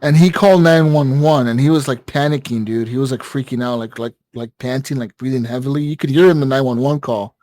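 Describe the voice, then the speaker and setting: A man's voice: medium pitch, a little fast, few pauses, a little mellow, no echo. A man casually telling a long story on a gaming podcast, rambling with lots of fillers and swearing. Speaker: podcast co-host.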